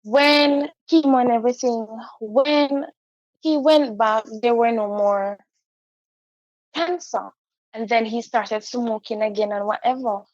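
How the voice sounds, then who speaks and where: A woman, a guest telling a personal story in a halting, heartfelt way with frequent repeats. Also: on the high side, a little mellow, dry recording. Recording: dull, dry lo-fi recording.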